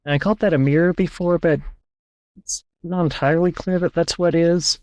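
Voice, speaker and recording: Slightly high, steady in tone, a bit mellow and a little fast, the host's voice carries no echo. He's reading passages aloud on his online-call podcast and casually reasoning about them as he goes.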